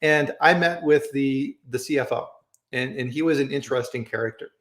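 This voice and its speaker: A man's voice: mid-range voice, a little fast, fairly bright tone, roomy sound. A man hosting a casual chat, telling stories and often checking in with "right?". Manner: storytelling, says "right?" often. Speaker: host.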